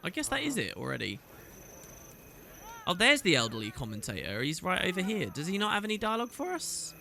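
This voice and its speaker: A man commentating a let's play, chatty and relaxed, sometimes reading game lines in voices. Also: high voice, brisk, vocal fry, a little hiss or hum. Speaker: gaming YouTuber.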